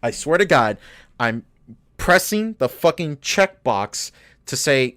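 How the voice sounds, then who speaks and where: A young man co-hosting a podcast tells stories in casual chat, animated and profane, getting heated and worked up as he retells them. His voice is a little high and his pace slow.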